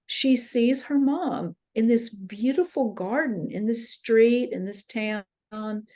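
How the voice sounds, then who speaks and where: At an interfaith center workshop on dreams, a woman earnestly teaches by retelling dreams and quoting the voices of the people in them. Her voice is mid-range with a darkish tone.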